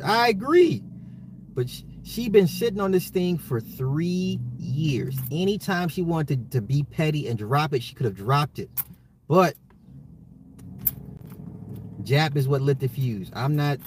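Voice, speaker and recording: A man hosts his own commentary podcast, speaking at an ordinary middle pitch. He talks straight to his listeners, pressing his points and often repeating himself to drive them home. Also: expressive, a little slow, darkish tone, slight background noise. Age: adult, a father. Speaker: podcast host. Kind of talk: solo social commentary podcast.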